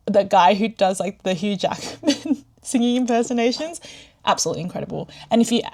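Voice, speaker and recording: A woman's voice: mid-range voice, lively intonation, fairly quick, darkish tone. A young woman vlogging in a chatty, rambling way, gushing and laughing often, on a close mic. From Australia. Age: young adult. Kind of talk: chatty vlog talk.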